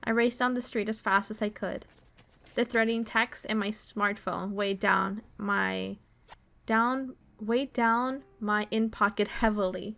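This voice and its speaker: A woman streamer reading a visual novel's text aloud, slow and dramatic, breaking off to swear and react. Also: mid-range voice, creaky, a bit bright.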